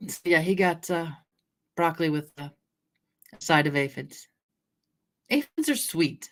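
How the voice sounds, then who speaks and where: A woman's voice: low voice, expressive, measured pace, fairly bright tone. A middle-aged woman from Washington State chatting casually on a livestream, rambling through stories, laughing often and greeting viewers by name. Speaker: livestream host. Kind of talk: casual chat with live chat readers.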